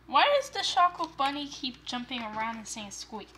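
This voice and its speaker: Woman storyteller for homemade toy play; high, sing-song delivery, playful, with a faint hiss behind. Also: expressive, moderate pace, hardly any pauses, bright, forceful tone. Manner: playful, play-by-play narration with gasps.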